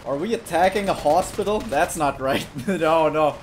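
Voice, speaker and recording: A young man commentating his video game playthrough, joking and sarcastic and breaking into sudden shouts. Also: on the high side, moderate pace, slight background noise. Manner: jokey, sarcastic, bursts into shouts. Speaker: gaming YouTuber. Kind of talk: gameplay commentary. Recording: clear music playing behind.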